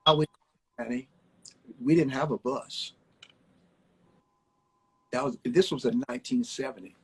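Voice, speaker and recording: A man's voice: mid-range voice, fairly even intonation, measured pace, husky, rough recording. An older man from Alabama, a former ballplayer, telling folksy, rambling stories in an interview and repeating his words as he goes. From Alabama, USA. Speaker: former baseball player, guest. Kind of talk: storytelling interview chat. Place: home, on a livestream. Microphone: phone on a live video stream.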